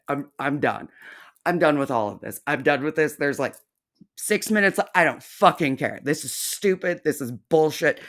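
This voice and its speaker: A woman hosting a reaction video, ranting in a profane, sarcastic and scornful way. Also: very deep voice. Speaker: reaction channel host.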